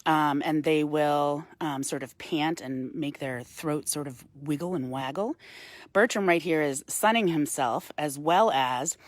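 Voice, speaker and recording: Outdoors on a woodland path, a woman wildlife educator gives a live-streamed talk into a handheld phone, calmly explaining things to viewers and softly cooing to the bird in between. Her voice is low-pitched and unhurried, with no room sound.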